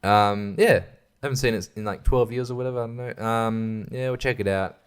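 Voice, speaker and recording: A man's voice: lowish voice, a little fast, clean tone. A tired man hosting a solo podcast in a rambling, crude, profane way, laughing at his own jokes. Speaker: podcast host. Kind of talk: casual solo podcast chat.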